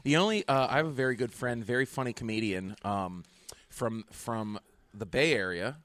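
A man's voice: mid-range voice, normal speed, a bit bright, no echo. A man, a comedian hosting a podcast, rambling through comedic stories and laughing at his own bits, recorded in a large empty hotel conference room. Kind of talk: casual comedic banter.

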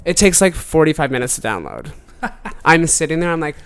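A man's voice: fairly high pitch, lively intonation, moderate pace, clear, resonant tone. A young man, a podcast guest, chatting casually and telling a story with lots of fillers and asides. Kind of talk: casual chat.

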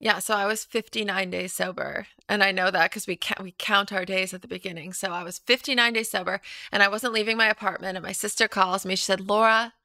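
A woman in her thirties chatting as a guest, telling an animated story full of fillers and acted-out quotes. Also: mid-range voice, a little fast, hardly any pauses, no echo. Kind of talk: casual chat, storytelling.

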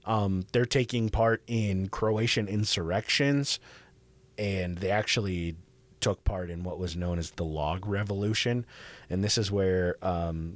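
A man hosting a podcast, telling history in a casual, profane, animated way. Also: low-pitched, no echo. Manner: profane, animated, acts out quoted voices. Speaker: podcast host.

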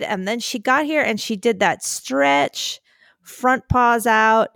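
A woman co-hosting a podcast in casual chat, animated and slightly breathy, recording from a makeshift spot in a puppy pen. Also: on the high side, takes it slowly, no room sound, studio quality. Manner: animated, keeps addressing her co-host by name, acts out quotes. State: a little breathy. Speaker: podcast co-host.

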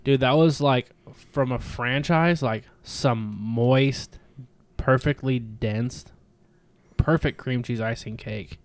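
A man's voice: mid-range voice, slow pace, no room sound. Man, 30s, podcast host; loose, profane storyteller, mid-range voice. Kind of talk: casual chat.

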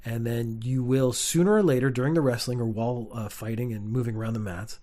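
A young man, rambling through a casual comedic monologue with wry, deadpan asides. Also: mid-range voice, brisk. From Canada.

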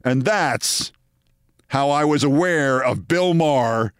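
A man in his sixties hosting a podcast, telling a story in a loud, emphatic way. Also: medium pitch, takes it slowly, clear, resonant tone, dry recording, studio quality. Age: 60s. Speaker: podcast host. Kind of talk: storytelling monologue.

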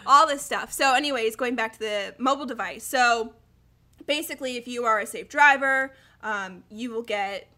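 A young woman in her twenties, appearing as a guest storyteller in a casual chat, tells lively stories at a moderate pace. Her bright, slightly high voice is full of laughter between lines, and she acts out quotes with animation.

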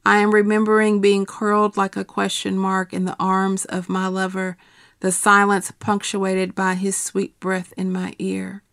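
A middle-aged woman reading her personal essay aloud in a quiet, measured, steady way. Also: mid-range voice, gravelly, clean tone, dry recording, studio quality.

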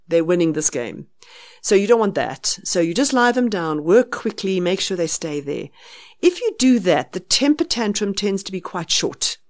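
A woman with a South African accent explaining children's sleep firmly and practically, sometimes dropping to a hush. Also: medium pitch, sing-song, moderate pace. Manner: explains firmly, acts out soothing a baby in a hushed voice. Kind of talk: advice on a podcast.

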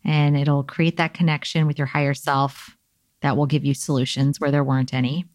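A young woman speaks in a low, grounded voice, sharing spiritual advice in a candid, chatty way full of likes and ums. The recording is dry and close, with no room sound. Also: little pitch movement, normal speed, a little mellow, dry recording. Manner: candid, conversational, uses filler "like" and "um". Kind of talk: casual spiritual self-help talk.

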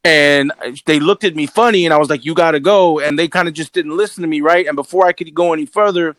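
Dude with a kinda high voice, all worked up telling a funny story, dry sound. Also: male voice, fast talker, dry recording. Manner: lively, gets worked up, swears. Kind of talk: casual storytelling chat.

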